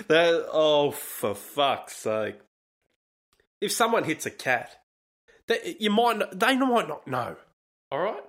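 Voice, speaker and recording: An Australian man in a comedic podcast rant, swearing freely with sarcastic asides. He speaks slowly and unhurried, his pitch bouncing widely as he rambles along. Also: big pitch swings, a bit bright. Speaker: podcast host.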